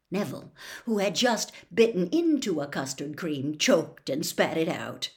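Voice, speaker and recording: A woman reads a novel aloud as a storyteller. Her voice is expressive and lively, rising and falling freely. At times she drops to a hushed whisper. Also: on the low side. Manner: expressive, quick, dropping to a whisper.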